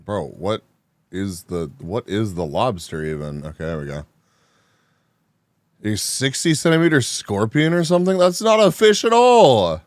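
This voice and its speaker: Man, live streamer, casual chat, animated, laughing, slow, dry close sound. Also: on the low side, dry recording. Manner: animated, reactive, laughs often. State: groggy after just waking.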